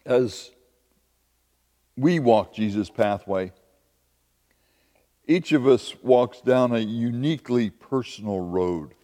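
A man's voice: medium pitch, slow, pauses often, warm tone, big-room sound. A man preaching a sermon as a pastor, with emphatic, repeated lines.

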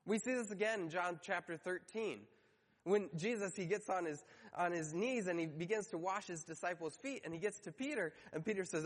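Male pastor, high-pitched, storytelling sermon with a long reverb tail. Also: animated, a little fast. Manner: storytelling, acts out quoted voices briefly.

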